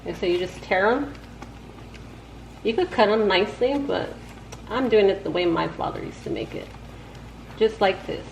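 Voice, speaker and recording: A woman with a fairly low voice and noticeable vocal fry talks at normal speed while hosting a casual cooking vlog from her home kitchen. Chatty and slangy, she addresses viewers directly, recorded in an echoey room with background noise.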